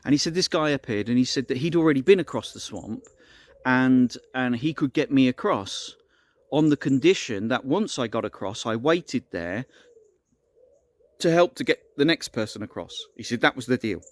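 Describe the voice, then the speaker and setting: Man, improvised storytelling, casual, rambling, restarts sentences, middle pitch. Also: lively intonation, normal speed, no room sound.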